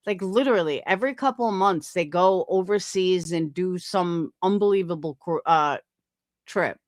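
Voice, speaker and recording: A woman's voice: on the low side, normal speed, dry recording. Middle-aged lady streamer ranting bluntly, lots of cursing, dry sound. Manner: blunt, profane, sarcastic. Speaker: streamer reviewing clips. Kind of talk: commentary on played clips.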